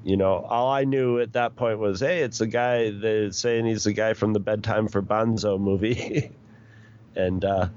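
A man's voice: lowish voice, darkish tone. A middle-aged man in casual chat, rambling along with many restarts and chuckles. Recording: dull lo-fi recording.

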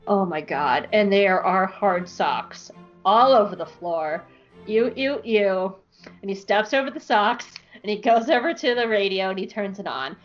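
A young woman co-hosting a podcast, telling a comedic fan-fiction story with giggles and swearing. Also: medium pitch. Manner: giggly, profane, animated storyteller. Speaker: podcast co-host. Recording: muffled podcast audio, faint music.

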